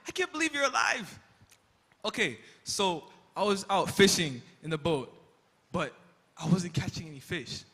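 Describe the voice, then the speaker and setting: Peter, a young man playing an excitable fisherman. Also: on the high side, slightly rough. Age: young adult. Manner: excitable, rambling, comic. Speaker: student actor in a school skit. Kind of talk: stage skit acting. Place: school auditorium. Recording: reverberant hall.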